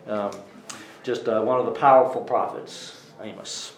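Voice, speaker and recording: A man with a Southern US accent giving an informal Bible lesson, chatty, with many fillers and some throat clearing. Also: lowish voice, fairly even intonation, unhurried, reverberant, poor audio. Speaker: Bible teacher.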